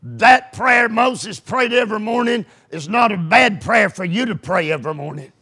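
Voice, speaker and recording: A man preaching a sermon, fervent and folksy, often breaking into shouts. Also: sits high, expressive, moderate pace, husky. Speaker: pastor.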